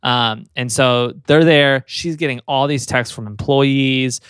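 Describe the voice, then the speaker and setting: A man's voice: mid-range voice, unhurried, a bit bright, smooth, dry recording, studio quality. A man co-hosting a podcast, telling a story in casual chat and laughing often as he goes. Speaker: podcast co-host.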